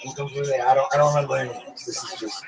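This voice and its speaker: A man telling a rambling, profane story in casual podcast chat, animated and full of restarts. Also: mid-range voice, rapid-fire, vocal fry, music in the background, low-quality recording.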